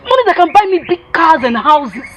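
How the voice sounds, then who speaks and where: An actress with a Nigerian English accent playing a fed-up young wife who scornfully complains about poverty and craves wealth. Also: female voice, very high voice, very animated, a little fast, fairly bright tone, heavily acted. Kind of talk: film drama acting.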